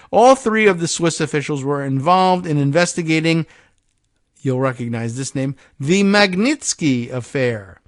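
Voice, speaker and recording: Wry, slightly high-voiced male podcast host. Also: a bit bright. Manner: sarcastic, wry asides; stumbles over names. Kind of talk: reading news aloud with commentary.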